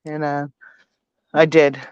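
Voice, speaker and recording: A woman's voice: low-pitched, level tone, slow, darkish tone, smooth, no room sound, lo-fi sound. A woman guest telling her story in casual chat, rambling with many false starts.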